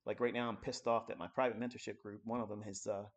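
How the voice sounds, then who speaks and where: A man's voice: on the low side, flat delivery, fast, lo-fi sound. A man giving a live-streamed trading lesson, talking bluntly and coarsely while working through charts at his computer. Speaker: trading educator.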